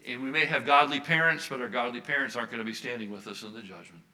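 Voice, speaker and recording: A man's voice: mid-range voice, fast talker, bright, forceful tone, low-quality recording. An older American man, a Baptist minister, preaching a sermon earnestly and repeating his key phrases for emphasis. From United States.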